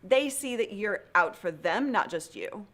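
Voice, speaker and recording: A woman hosting a casual livestream interview over a video call, enthusiastic and quick to laugh. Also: medium pitch, lively intonation, fairly bright tone. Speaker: livestream host.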